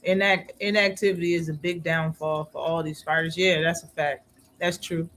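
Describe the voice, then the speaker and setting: A man's voice: a little high, moderate pace, fairly bright tone. A man hosting a live boxing talk stream, reacting casually with slang and frequent laughter.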